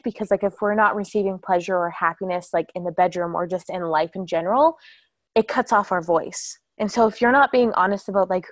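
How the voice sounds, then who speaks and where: A young woman hosting a podcast, chatting casually and telling animated stories with some swearing. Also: mid-range voice, dry recording. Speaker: podcast host. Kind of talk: casual interview chat.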